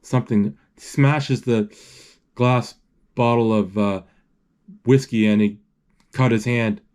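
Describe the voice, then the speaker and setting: Man, mid pitch, live film play-by-play, halting, searches for words, lots of restarts. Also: fairly even intonation, darkish tone, clean tone. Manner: frequent restarts and fillers. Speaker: movie describer.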